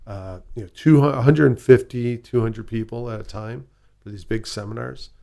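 Gravelly Chicago man telling stories. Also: mid-range voice, normal speed, mellow. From southwest side of Chicago. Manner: rambling, with many fillers and restarts. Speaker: guest, whisky ambassador. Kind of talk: casual interview storytelling.

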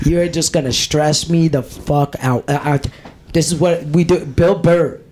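A young man in casual podcast chat, blunt and animated, swearing freely. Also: a little high, a little slow, slight background noise. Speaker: podcast co-host.

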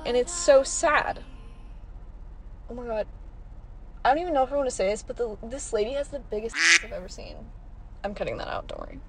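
A woman's voice: fairly high pitch, lively intonation, brisk, long pauses, noisy background. A young woman hosting a podcast from her parked car, rambling and chatty, laughing often. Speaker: podcast host. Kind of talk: casual chat.

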